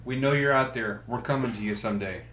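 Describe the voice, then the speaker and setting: A man co-hosting a podcast, throwing in dry wisecracks that often drop low and mumbly. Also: fast, fairly bright tone. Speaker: podcast co-host. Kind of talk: casual chat.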